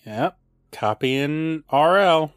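A man's voice: fairly high pitch, animated, very slow, no room sound. A man co-hosting a podcast, chiming in with short, dry agreeing remarks. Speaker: podcast co-host. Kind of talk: casual chat.

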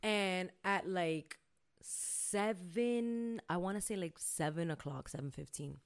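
A woman's voice: lowish voice, takes it slowly, smooth. A woman co-hosting a casual podcast from Massachusetts, telling a story with swearing and acted-out voices. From Lawrence, Massachusetts. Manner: animated, profane, acts out voices. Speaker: podcast co-host.

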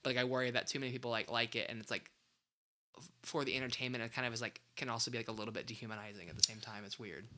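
A young man chatting on a podcast with a very bright, forward voice. He rambles along, restarting his sentences and padding them with fillers. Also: mid-range voice, steady tone, rapid-fire. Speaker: podcast co-host. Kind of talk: casual chat.

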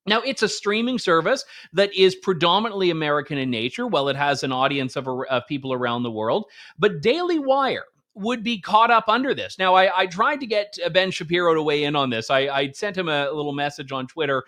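High-voiced sarcastic male host. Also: animated, brisk, a bit bright. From Canada. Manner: sarcastic, conversational, emphatic. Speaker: political commentary show host. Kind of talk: opinion commentary monologue.

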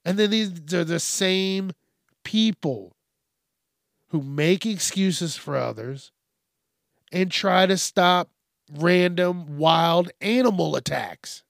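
Profane male podcast host, slightly higher voice, unhurried, rambling. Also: gravelly, no room sound, clean studio sound. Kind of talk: casual ranting monologue.

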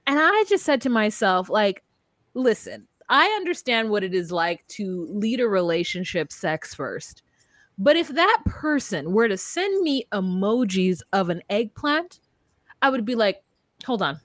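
A woman's voice: mid-range voice, big pitch swings, unhurried, a bit bright, no room sound. A woman co-hosting a podcast, chatting casually through a reality show recap. She laughs often and slips into mock-dramatic voices when she quotes people. Her voice sits mid-range, recorded dry and close with no room sound. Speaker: podcast co-host.

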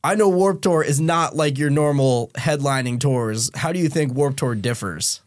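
A man's voice: mid-range voice, moderate pace, dry recording, studio quality. A man hosting a casual podcast interview, talking in a loose, laid-back way. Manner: laid-back, loose, says "dude" a lot. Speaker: podcast host.

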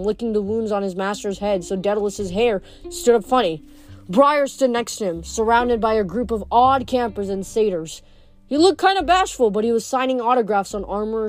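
A woman reading a novel aloud, steady but with small slips she corrects as she goes. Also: fairly high pitch. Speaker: reader.

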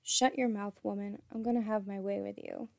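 A mischievous, teasing male lover, voiced by a woman narrator in an erotic story. He sounds cheeky and playful. The voice has a gravelly texture in a dry, close recording. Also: mid-range voice, steady tone, moderate pace, darkish tone, no echo, lightly acted.

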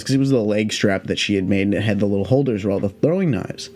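A young man with a fairly low voice talks straight into a podcast mic. His storytelling is loose and rambling, full of swearing and easy asides. He keeps a relaxed, offhand pace. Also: quick pace. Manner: rambling, profane, laid-back. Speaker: podcast host. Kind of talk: casual storytelling monologue.

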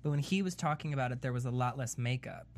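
A man's voice: medium pitch, fast talker, a little hiss or hum. A man on a TV recap panel who makes brief, matter-of-fact remarks. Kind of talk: casual TV recap chat.

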